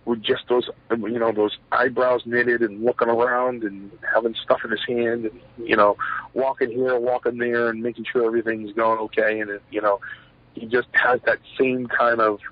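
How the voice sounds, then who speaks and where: A man's voice: medium pitch, flat delivery, moderate pace, no room sound. A middle-aged man, a former pro wrestler, telling stories in a rambling interview, full of fillers and acted-out quotes. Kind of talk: shoot interview storytelling. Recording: dull lo-fi sound, dry.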